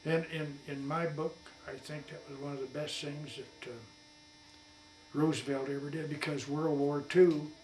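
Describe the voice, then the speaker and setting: A man's voice: a little high, flat delivery, normal speed, a little mellow. A man in his eighties, a war veteran, telling rambling folksy stories for an oral history interview at his home. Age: 80s. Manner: rambling folksy colloquial storyteller. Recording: echoey room, distant mic, faint hum.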